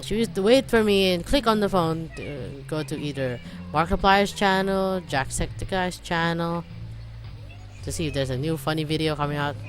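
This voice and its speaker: A woman's voice: on the low side, moderate pace. A woman casually playing and reading out a story game, rambling and chatty with many fillers. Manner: rambling, animated, frequent fillers. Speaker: let's play gamer. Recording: voice over game music. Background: game music.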